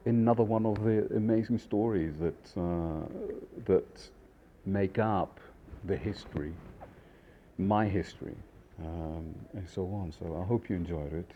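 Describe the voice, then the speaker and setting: A man, a chef, telling stories from his career in a rambling, animated way with many fillers. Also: low-pitched, unhurried, highs cut off, a little hiss or hum. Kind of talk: casual storytelling.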